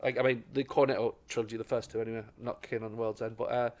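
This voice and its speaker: A man's voice: mid-range voice, little pitch movement, fast. A middle-aged man, a stand-up comedian telling rambling anecdotes in casual chat, with plenty of restarts. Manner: rambling anecdotes, acts out quoted voices, lots of restarts.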